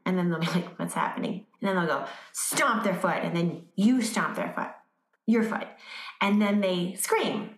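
A woman parenting coach explains with lively energy and acts out examples. Her voice is mid-pitched and carries a roomy echo. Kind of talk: advice in conversation.

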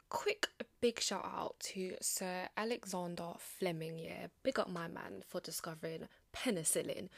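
A woman's voice: on the low side, gravelly, no echo. A young woman hosting her podcast solo, chatting casually in an upbeat, motivational way with slangy asides. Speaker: podcast host.

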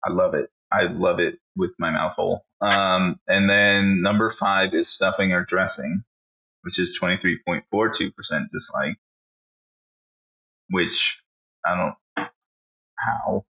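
Man, low voice with a bright edge, profane casual podcast co-host. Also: steady tone, measured pace, long pauses, highs cut off. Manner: profane, blunt, reads out a list.

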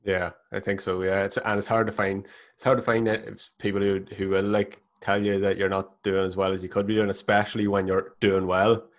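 Deep, flat-voiced male podcast guest. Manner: measured, reflective, many filler "like"s. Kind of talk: casual podcast conversation.

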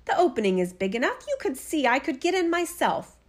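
A woman reading a fairy tale aloud, voicing a cruel old witch in a lower, gruff, scolding voice. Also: big pitch swings, moderate pace. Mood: menacing. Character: wicked old female witch, cruel and greedy. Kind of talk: storybook reading.

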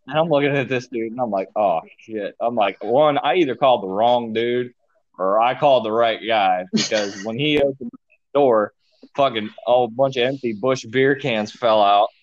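A man in casual podcast chat, telling a story in a profane, animated way. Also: mid-range voice. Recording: dull lo-fi recording.

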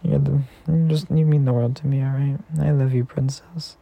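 Gravelly man reading a bedtime story. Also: mid-range voice, fairly even intonation. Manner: gentle, affectionate, slow reading.

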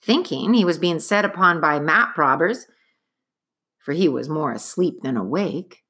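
A woman narrating a chapter book aloud in an expressive, dramatic storytelling manner. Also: mid-range voice.

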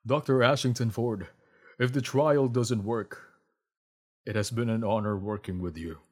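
A man's voice: mid-range voice, steady tone, measured pace, natural voice. A stern male doctor played by a man makes solemn, stiff declarations of self-sacrifice. His tone is heroic and serious, as in an overwrought comic story reading.

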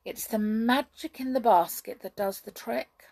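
A woman voicing a sly female witch in a storybook, chanting spells in a hushed sing-song. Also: on the high side, unhurried, creaky, pitched above the performer's own voice.

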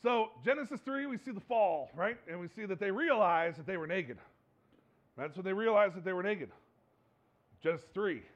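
A man preaching a conversational sermon, joking and animated, repeating phrases for emphasis. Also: high-pitched, moderate pace, dull audio. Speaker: pastor.

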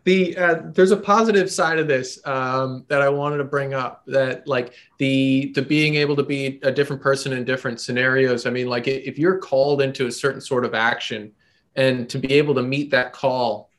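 A man co-hosting a podcast, working through an idea out loud with frequent ums and pauses. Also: mid-range voice, fairly even intonation. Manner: thinking aloud, halting with many ums. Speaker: podcast co-host. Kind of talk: casual chat.

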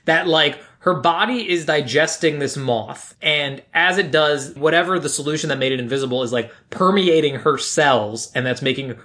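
A man chatting loosely on a podcast about a film he watched, with a bright, ringing voice. He rambles and jokes, and keeps slipping into quick impressions of the characters. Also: a little high. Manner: joking, rambling, acts out characters' lines. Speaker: podcast co-host. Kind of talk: casual movie recap chat.

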